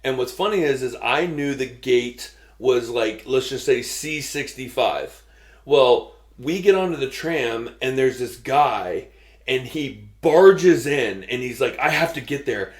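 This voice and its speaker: A man's voice: medium pitch, expressive, slow. Laid-back man telling a story, roomy sound. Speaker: podcast co-host. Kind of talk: casual storytelling chat. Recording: roomy echo.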